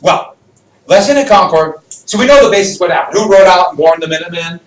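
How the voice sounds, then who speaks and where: Animated teacher in an echoey classroom. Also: male voice, high voice, fast talker, far from the mic. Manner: animated, jokey, quizzes the class. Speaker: history teacher. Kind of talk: classroom lecture with student questions.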